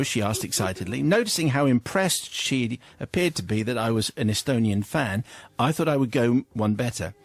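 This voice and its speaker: A man's voice: mid-range voice, expressive, moderate pace, hardly any pauses, faint music behind. A male radio host reading a listener's funny confession letter aloud, amused and often laughing.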